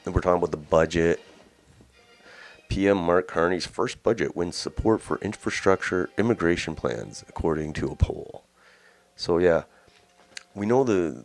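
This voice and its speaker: A man's voice: low voice, darkish tone. A Canadian man hosting a news commentary show, talking in a blunt, scornful, ranting way. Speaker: host.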